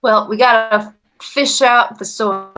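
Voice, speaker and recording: A woman's voice: a little high, fairly even intonation, slow pace, a bit bright, low-quality recording. A woman playing in a tabletop role-playing game, chatting casually and laughing often. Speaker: player. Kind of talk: casual chat at a gaming table.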